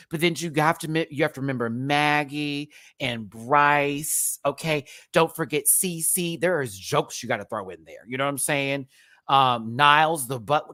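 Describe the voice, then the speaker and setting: A man giving an animated, casual review of a TV show, breaking into mock voices. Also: a little high, normal speed, no room sound, studio quality. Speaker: drag race reviewer.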